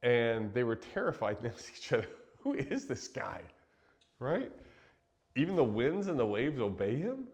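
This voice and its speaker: A man from Western Kansas giving a relaxed, chatty Bible teaching, laughing easily and filling pauses with ums. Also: mid-range voice. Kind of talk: casual Bible teaching chat.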